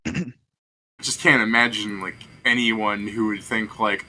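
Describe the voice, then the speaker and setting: Young guy gm rambling through a story, lots of swearing, bright voice. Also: fairly low pitch, unhurried, slight background noise. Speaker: game master. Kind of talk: casual chat between game sessions.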